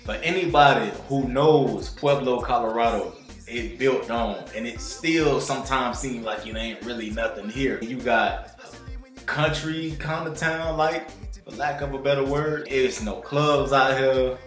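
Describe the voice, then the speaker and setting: A vlogger in his twenties with a medium-pitched voice speaks a little slowly as he shares a personal story with viewers. His talk is laid-back and slangy, calling listeners "bro," with a roomy echo and faint music in the recording.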